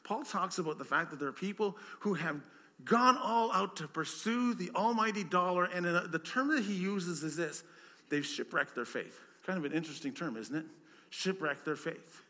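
A male pastor delivers a conversational sermon. His voice sits high and sounds strikingly bright. He leans on rhetorical questions and often repeats words as he goes. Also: animated, moderate pace.

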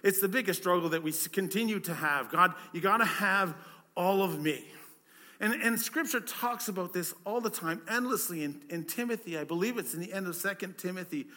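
A man's voice: high voice, a little fast, sharp tone. A man, a pastor, preaching a conversational sermon, full of rhetorical questions and repeated words.

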